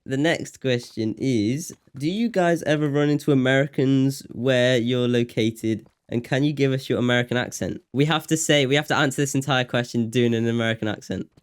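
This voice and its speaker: A young man from England trades jokes with his friends on a casual podcast, laughing often. His voice is smooth and resonant, at a middling pitch. The mic is close and the sound is dry. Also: moderate pace, few pauses, no room sound. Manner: joking, teasing, laughs often. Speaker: podcast co-host. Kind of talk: casual chat.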